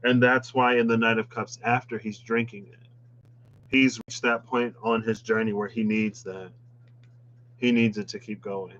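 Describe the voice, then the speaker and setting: A man's voice: on the low side, flat delivery, moderate pace, a bit bright, highs cut off, slight background noise. A man reading tarot cards in a casual chat, musing aloud with playful asides. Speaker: tarot reader. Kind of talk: casual tarot deck walkthrough.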